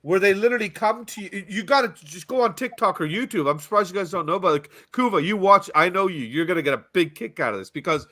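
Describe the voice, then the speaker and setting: A man's voice: sits high, quick pace, hardly any pauses. A man hosting a casual podcast chat, telling stories with energy and reading out viewer comments. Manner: animated storyteller, reads out viewer comments. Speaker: podcast host.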